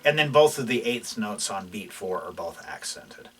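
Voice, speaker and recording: A man with a lowish voice gives a relaxed guitar lesson, stopping and restarting as he explains and playing along as he talks. He sits a little back from the mic, and the guitar rings out clearly behind his words. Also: moderate pace, recorded from a distance. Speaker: guitar instructor.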